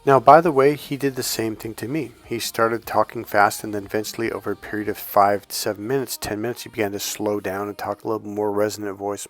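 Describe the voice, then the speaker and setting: Calm, slow-talking man coaching. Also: on the low side. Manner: deliberately slowed, calm delivery with blunt profanity. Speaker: dating coach. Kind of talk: casual storytelling monologue.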